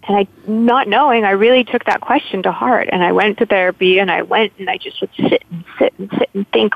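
Gravelly woman on a tinny phone line. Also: medium pitch, moderate pace, dry recording. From Southern California. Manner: rambling, heartfelt, with many restarts. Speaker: guest. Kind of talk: casual interview storytelling.

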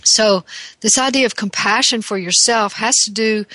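Earnest talk host on self-compassion, keeps restarting, slows down on key words, dry close mic. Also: mid-range voice, bright, forceful tone, dry recording. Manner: earnest, with frequent restarts and slowed emphasis. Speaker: talk show host and counselor.

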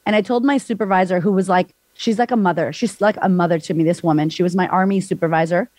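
A woman's voice: fairly low pitch, fast talker, darkish tone, no room sound. A woman guest on a podcast, frankly retelling a hard personal story with lots of "like". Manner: frank, breathless retelling full of "like", acts out voices.

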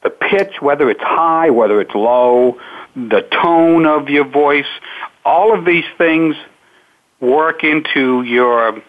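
A man who coaches public speaking, answering interview questions in a measured, unhurried way with frequent pauses. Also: a little high. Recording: narrow phone-line sound.

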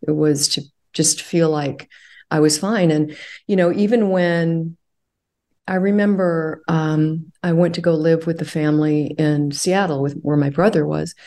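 A woman with a low voice talks through her past as a podcast guest. She speaks reflectively, pausing and restarting, with fillers and light laughter. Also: steady tone, dark tone. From California. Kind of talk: conversational interview.

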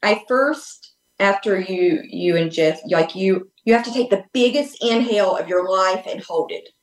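Speaking at a medium pitch and moderate pace, this podcast guest shares a personal story over a remote call from an echoey room. Her delivery is casual, earnest and open, wandering along with frequent fillers and false starts.

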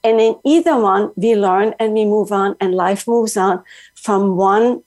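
A woman's voice: mid-range voice, unhurried, a little mellow. A woman author speaking as a guest in an earnest, flowing motivational style. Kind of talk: motivational talk.

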